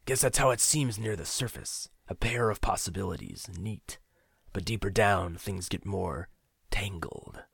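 A man's voice: deep voice, lively intonation, a little slow, vocal fry, breathy edge, dry recording, clean studio sound, full character voice. A man voicing a cracked, weary, strangely aged stranger. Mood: cryptic. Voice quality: cracked, weak voice. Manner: soft and withholding, drops into whispers. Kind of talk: audiobook character voice.

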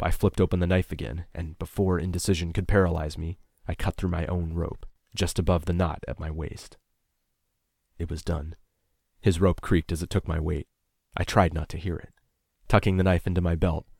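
A man narrating a tense first-person story in a measured, scripted reading. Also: deep voice, creaky, a little mellow, no room sound, clean studio sound. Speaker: audiobook narrator.

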